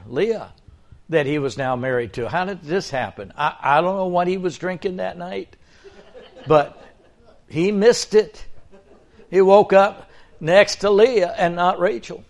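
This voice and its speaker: A man in his seventies preaching a sermon, folksy and storytelling, with joking asides to the congregation. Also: high-pitched. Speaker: pastor.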